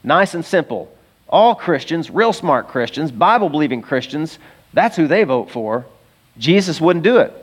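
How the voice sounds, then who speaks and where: A middle-aged man, a pastor, preaching a sermon in a conversational, animated way, with asides to the congregation. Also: on the high side, normal speed, slightly rough.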